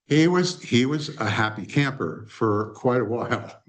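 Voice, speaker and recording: A man presenting a workshop at a conference and telling a personal anecdote. He keeps it lively and acts out the dialogue. His voice sits in an ordinary middle pitch. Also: a little slow.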